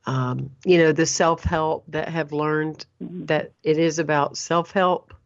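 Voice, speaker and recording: A woman hosting a radio talk show, speaking in a reflective, measured way. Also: low voice, steady tone, lo-fi sound. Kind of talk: casual talk show chat.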